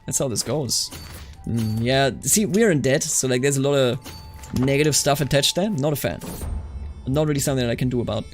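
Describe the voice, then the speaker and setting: A man streaming a strategy game, reading event text aloud and reacting loudly to what happens. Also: mid-range voice, a little fast, soft background music. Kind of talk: live game stream commentary.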